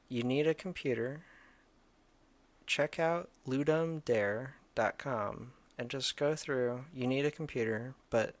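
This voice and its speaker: A man co-hosting a casual podcast, joking and teasing his co-host. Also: mid-range voice.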